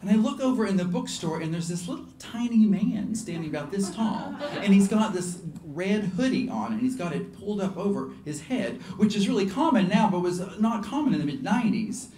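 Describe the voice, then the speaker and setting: A man with a Southern US accent performing a personal story on stage, animated and comic. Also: sits high, brisk, few pauses. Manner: animated and comic, laughing through lines. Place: live storytelling show venue. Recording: echoey hall with faint ambience.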